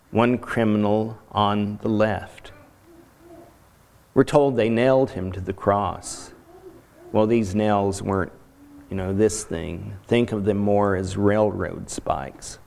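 A man's voice: mid-range voice, a little mellow. A man preaching a solemn sermon, retelling a scripture story with emphatic repetition.

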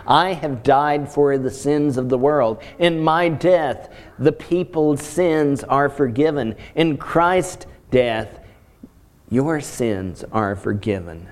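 A man's voice: medium pitch, slow. A man preaching a solemn sermon, retelling a scripture story with emphatic repetition.

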